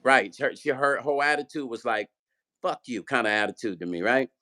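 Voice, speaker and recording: Animated man telling a heated story. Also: mid-range voice, brisk. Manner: animated storyteller, acts out quoted dialogue, profane. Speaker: vlog host, musician. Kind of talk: storytelling chat.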